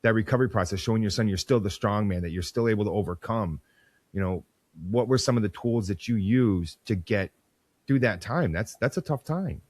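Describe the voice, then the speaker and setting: A man's voice: fairly low pitch, a little fast, no echo. A man hosting a podcast, asking questions in a casual, encouraging and affirming way. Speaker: podcast host.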